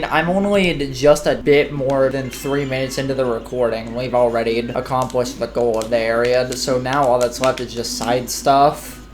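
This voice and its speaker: A man's voice: mid-range voice, steady tone, normal speed. A man giving casual, rambling commentary while playing a video game, chatty and self-deprecating. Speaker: gaming YouTuber. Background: faint game music.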